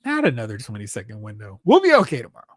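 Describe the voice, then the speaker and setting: A man hosting a toy collecting live stream, chatting casually and excitedly while reading viewer comments aloud. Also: mid-range voice, very fast, no room sound, clean studio sound. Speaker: host of a toy collecting show.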